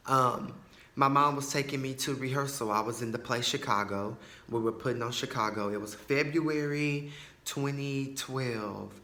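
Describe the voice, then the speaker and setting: A man's voice: mid-range voice, normal speed, sharp tone, reverberant. A man, hosting a podcast and telling a personal story in a chatty way, full of fillers and asides. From Tyler, Texas. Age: 20s. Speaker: podcast host.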